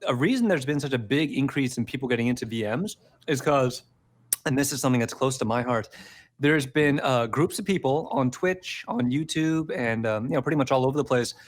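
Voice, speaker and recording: A man co-hosting a tech podcast, telling stories in a rambling, casual chat and laughing easily. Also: medium pitch. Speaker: podcast co-host.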